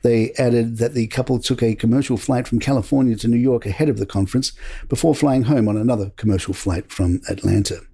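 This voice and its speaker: A man hosting a podcast, reading royal news headlines from a script in a measured, steady way. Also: mid-range voice, gravelly, husky. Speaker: podcast host.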